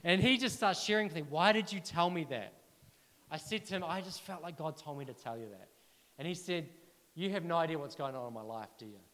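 A man preaching a sermon, telling personal stories in a chatty, animated way and asking the listeners questions. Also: fairly high pitch, fairly quick, long reverb tail. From New Zealand.

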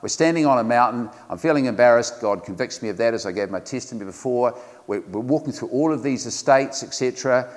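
A man, a pastor preaching in an earnest, conversational way, often pausing on fillers and restarting phrases. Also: medium pitch, animated, in a large hall. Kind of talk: sermon. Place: church.

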